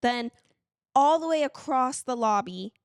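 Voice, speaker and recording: Woman, podcast co-host, animated storyteller, laughing, fairly high voice, dry close sound. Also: measured pace, no echo. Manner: animated storyteller, acts out quotes in high squeals; laughs while telling stories. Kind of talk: casual chat.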